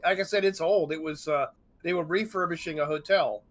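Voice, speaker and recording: A man chatting casually during a game stream, halting and restarting his sentences. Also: on the high side. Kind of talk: casual chat while gaming.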